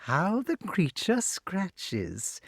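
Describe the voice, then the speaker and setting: A man doing a gloating, high old witch. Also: wildly swooping pitch, vocal fry, breathy edge, dry recording, clean studio sound, exaggerated voice. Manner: drawn-out, relishing, sing-song. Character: cruel greedy old witch, gloating cook. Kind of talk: audiobook character voice.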